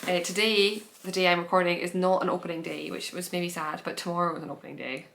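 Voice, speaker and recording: A woman hosting a podcast talks in a relaxed, chatty way, gushing with enthusiasm about what she loves. Her voice sits a little low for a woman. She often trails off and restarts her sentences. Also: fast talker, gravelly, a little hiss or hum. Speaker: podcast host. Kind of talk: casual chat.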